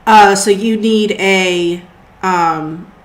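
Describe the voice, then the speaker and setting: A woman's voice: mid-range voice, drawn-out words, roomy sound. A woman narrating a tabletop role-playing game as game master, in a loose, filler-filled way. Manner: loose, with frequent fillers and restarts.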